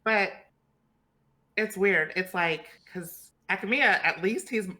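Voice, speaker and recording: A woman's voice: medium pitch, takes it slowly, bright, forceful tone. A woman co-hosting a casual book club chat, musing thoughtfully and leaning on filler words.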